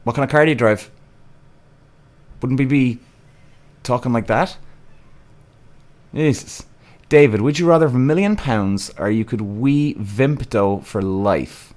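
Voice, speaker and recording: A man's voice: mid-range voice, a little slow, long pauses, a little mellow. A man from Cork with an Irish accent, hosting a live podcast and reading viewers' comments, blunt and exasperated, swearing freely. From Ireland. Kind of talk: casual live-stream chat.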